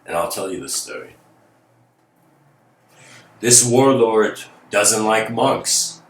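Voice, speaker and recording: A man's voice: lowish voice, expressive, slow pace. A man giving a philosophical lecture, telling a story in a casual, rambling way with many fillers like "you know.". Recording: roomy, distant mic, faint noise.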